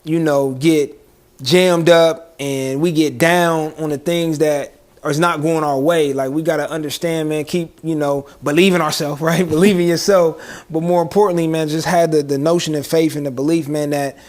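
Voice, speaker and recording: A man's voice: on the high side, steady tone, normal speed. A young man co-hosting a podcast, telling a story in casual slang and laughing often. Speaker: podcast co-host.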